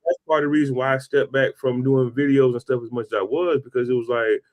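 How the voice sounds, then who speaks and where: A man in his forties hosting a casual interview, telling stories in a relaxed, slang-filled way. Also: mid-range voice, quick pace. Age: 40s. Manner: slangy storytelling, peppered with "bro" and "man". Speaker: podcast host.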